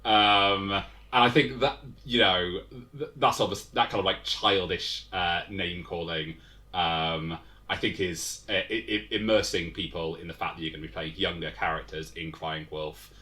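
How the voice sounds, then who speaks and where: A young man with a very low voice that still sounds bright and forward. He answers interview questions thoughtfully, pausing on fillers and restarting his sentences as he works his ideas out. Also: fairly even intonation. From England. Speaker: game designer guest. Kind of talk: casual interview chat.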